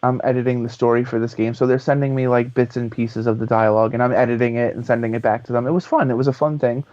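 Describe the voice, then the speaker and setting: A man's voice: medium pitch, quick pace, dry recording. Chatty man telling a story, dull sound. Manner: lively, chatty, swears freely. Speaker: guest, author and voice actor. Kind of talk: casual storytelling in a podcast interview. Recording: dull lo-fi podcast audio.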